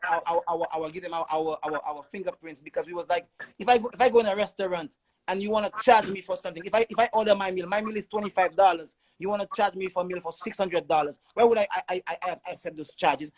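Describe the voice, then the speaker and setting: High-voiced man giving urgent testimony. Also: quick pace, low-quality recording. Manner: urgent, repeats words in long stammering runs. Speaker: father telling his story. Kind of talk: emotional personal testimony.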